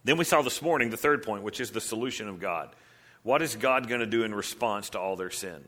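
Preacher man with a bright, animated delivery. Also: medium pitch. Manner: animated preaching, rhetorical questions, acts out voices. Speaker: pastor. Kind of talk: sermon.

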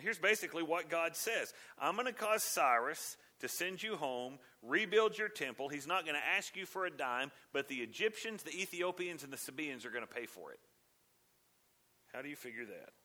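A man's voice: fairly high pitch, animated, moderate pace, bright, forceful tone. A man preaching a sermon, earnestly asking questions aloud and reading scripture between his own remarks. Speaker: pastor.

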